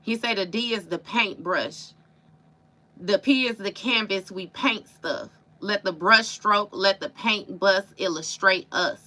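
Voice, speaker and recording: A woman gives a live tarot reading in a bright, forward voice. She talks straight to her viewers, casual and emphatic, full of slang. Her pitch sits in the middle range for a woman. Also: measured pace. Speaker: tarot reader.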